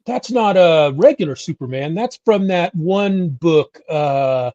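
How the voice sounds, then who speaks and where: A high, loud and pushy know-it-all comic fan, as a man mimics him in a story, lecturing whoever is in front of him. The sound is dry and a little dull, like a lo-fi recording. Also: lively intonation, slow, dry recording. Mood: smug.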